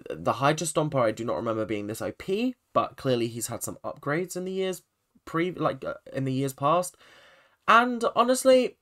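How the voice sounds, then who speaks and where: A man's voice: mid-range voice, big pitch swings, fairly quick, fairly bright tone. A man giving a casual, rambling spoken review of a TV episode, full of restarts and asides. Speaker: TV review vlogger.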